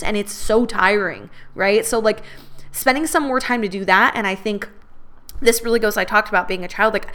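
A woman's voice: mid-range voice, fairly bright tone, clean tone. A woman hosting a podcast in a candid, chatty way, full of fillers and casual swearing. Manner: candid, chatty, swears freely, many likes. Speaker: podcast host. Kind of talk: casual chat.

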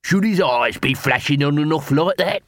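A man's voice: fairly high pitch, expressive, normal speed, a bit bright, dry recording, clean studio sound. Evasive street hustler, nervous and hesitant, voiced by a man. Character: shifty male street trader, nervous.

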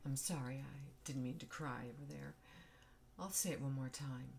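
A woman giving a devotional talk, reading scripture verses in a reverent, measured way with emphatic rises. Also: very deep voice, fairly even intonation, vocal fry, darkish tone, a little hiss or hum. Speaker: devotional speaker.

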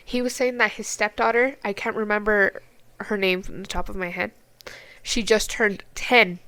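A woman's voice: medium pitch, steady tone, normal speed, pushed and bright, smooth. A woman co-hosting a podcast in casual chat, blunt and emotional, swearing often and near tears. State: tearful. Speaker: podcast co-host.

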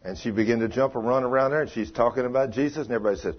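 An older man preaching a sermon in a folksy storytelling way, dropping low for commands. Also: racing, few pauses, husky. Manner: folksy, drops into low hushed commands when quoting himself. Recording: dull lo-fi recording.

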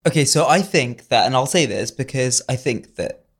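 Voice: medium pitch, lively intonation, normal speed, husky. A non-binary pop singer talking earnestly as a podcast guest, full of "like" fillers and confident declarations. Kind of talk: casual interview chat.

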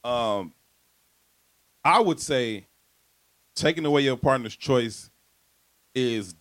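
A man's voice: medium pitch, lively intonation, slow pace, a bit bright. A man co-hosting a casual podcast, speaking in with a laid-back, reflective manner and frequent restarts. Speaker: podcast co-host.

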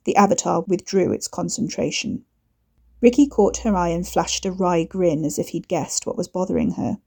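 A woman narrating an audiobook in a steady, measured reading. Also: lowish voice, vocal fry, breathy edge.

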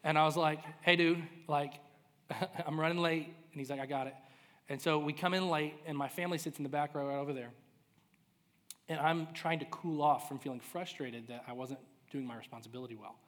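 Pastor, male, 30s; excitable, self-deprecating preacher telling a story in a big echoing church hall. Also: on the high side, brisk. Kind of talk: sermon storytelling. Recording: reverberant hall.

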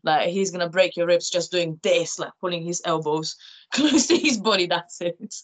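Woman, young adult, lowish voice, easygoing, chatty podcast guest. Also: normal speed. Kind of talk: casual chat.

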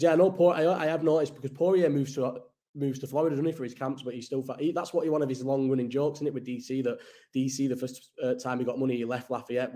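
With a warm tone at medium pitch, a young man runs a laid-back live-chat stream. He wanders from topic to topic, curses, and answers what viewers write on the fly.

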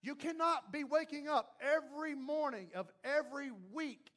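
A man with an extremely high voice preaches a sermon as a pastor at normal speed. He acts out the voices of doubters and of God, swinging between loud and hushed delivery.

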